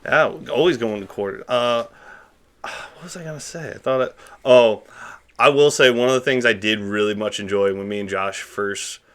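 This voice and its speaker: Late-20s male podcast co-host, bright tone, animated storyteller. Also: medium pitch, moderate pace. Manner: animated storyteller who acts out shouts and quotes. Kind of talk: casual chat among friends.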